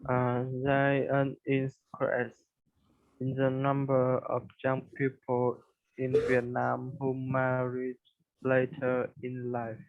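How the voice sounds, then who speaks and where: A man student reading English words and sentences aloud haltingly, with many fillers, over a call. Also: mid-range voice, monotone. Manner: hesitant, reads word by word with fillers. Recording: tinny phone-like call audio.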